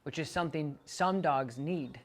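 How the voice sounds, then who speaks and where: A man working as a dog trainer, calmly coaching a client through exercises and counting out the timing. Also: a little high, moderate pace. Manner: calm, coaching, counts out loud. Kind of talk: instructing a client during training.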